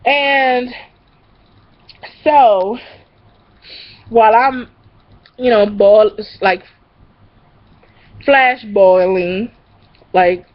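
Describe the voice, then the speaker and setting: A woman's voice: a little high, drawn-out words, pauses often. A young woman telling a casual story to her camera, rambling and profane, with lots of fillers. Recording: dull lo-fi recording.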